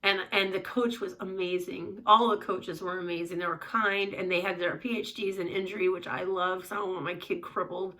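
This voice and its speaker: A woman's voice: on the low side, fairly even intonation, fairly quick, few pauses, sharp tone, recorded from a distance. A middle-aged woman, a mother, telling a personal story in a chatty, rambling way, acting out the voices in her quotes.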